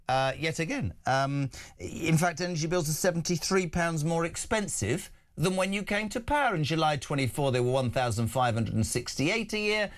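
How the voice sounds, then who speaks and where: A male breakfast radio host rants with indignant energy. His voice sits a little high for a man and swings up and down a lot as he mocks and scoffs. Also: fairly quick, few pauses. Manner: indignant, animated, mocking impressions. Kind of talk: opinionated talk radio chat.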